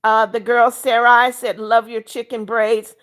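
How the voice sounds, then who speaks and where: Woman livestream host, raised pitch, chatty, reads chat out loud and greets each viewer. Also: level tone, a little slow. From United States. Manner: reads viewer comments aloud and answers each by name. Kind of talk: casual livestream chat reading comments.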